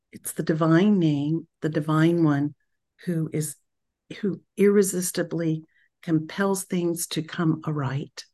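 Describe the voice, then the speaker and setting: A woman speaking at an unhurried, drawn-out pace as she guides a spiritual group. Her voice sits a little low, and she talks in a reflective, meditative way, pausing often and restarting her phrases as she goes. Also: mellow. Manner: slow and meditative, with pauses and restarts.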